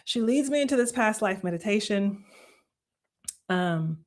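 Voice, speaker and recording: Animated woman telling a story live. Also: mid-range voice, measured pace. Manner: animated, laughs often, quotes herself, repeats phrases for emphasis. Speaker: host of a live stream. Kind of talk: casual storytelling to a live audience.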